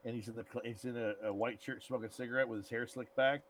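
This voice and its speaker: A man's voice: mid-range voice, fairly even intonation, fast talker. Male podcast co-host, casual blunt banter, irreverent. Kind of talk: casual chat.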